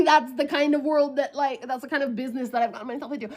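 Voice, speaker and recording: A woman's voice: high-pitched, steady tone, fast, hardly any pauses, darkish tone. A woman in her twenties telling a story casually to the camera, profane and rambling, with lots of fillers.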